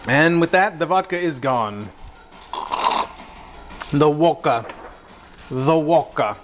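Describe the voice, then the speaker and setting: Goofy, excitable young man cooking live. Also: fairly high pitch, normal speed, pauses often, a little hiss or hum. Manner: goofy, self-mocking, excitable, says "bro" and "dude". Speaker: livestream cooking host. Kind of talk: casual cooking livestream chat.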